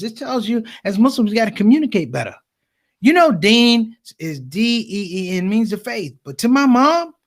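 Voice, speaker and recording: A man doing stand-up comedy, telling stories as an animated storyteller with big voice swings. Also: sits high.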